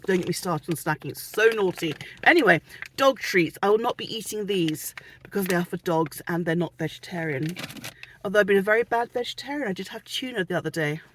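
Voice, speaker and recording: A woman's voice: lowish voice, lively intonation, fairly quick, a bit bright. British woman, chatty haul vlogger, self-mocking asides, parked car, faint hiss behind. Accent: British English. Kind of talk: casual haul chat.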